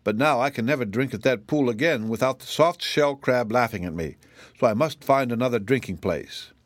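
A man's voice: medium pitch, fairly quick, dry recording, natural voice. A man voicing a proud, pompous male zebra in a storybook reading, with a formal and indignant way of speaking. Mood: cross. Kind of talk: audiobook reading.

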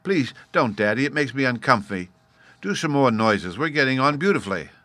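A man reading a storybook and voicing an excitable little cave girl, eager and breathless as her excitement rises. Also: medium pitch, moderate pace, no echo. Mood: pleading.

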